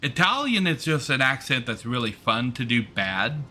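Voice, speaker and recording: A man chats casually while streaming a game, his mid-range voice very animated and sharp at a normal speed. He rambles, using lots of fillers and restarts, over slight background noise.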